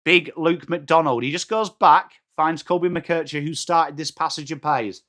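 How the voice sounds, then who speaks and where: Live and excitable, an English-accented man commentates football for a watchalong, throwing in jokes and swearing and shouting at the big moments. He sits on the high side and keeps a measured pace.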